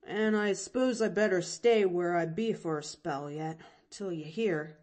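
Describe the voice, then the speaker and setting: A woman's voice: lowish voice, unhurried, darkish tone, natural voice. A woman reading an audiobook, voicing a proud, scrappy orphan boy who talks bluntly in a folksy dialect.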